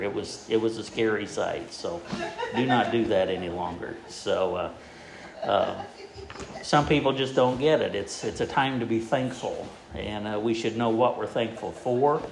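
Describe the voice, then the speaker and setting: A man preaching a sermon in a folksy, halting way, with many fillers and restarts as he tells a joke. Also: on the low side, reverberant, a little hiss or hum, rough recording.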